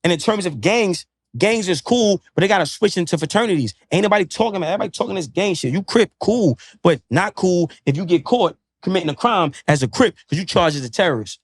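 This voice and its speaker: A man's voice: high-pitched, expressive, quick pace, no room sound, studio quality. A man who is a podcast guest, lecturing in casual chat with emphatic, profane street slang. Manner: preachy, lecturing.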